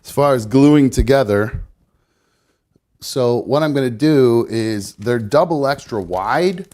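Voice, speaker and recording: A man's voice: mid-range voice, animated, slow, darkish tone. A man chatting casually on a live show, narrating what he is doing as he goes, swearing and rambling and slightly out of breath. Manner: rambling, swearing, self-narrating while rolling. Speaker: live show guest rolling a blunt. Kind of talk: casual live-stream chat.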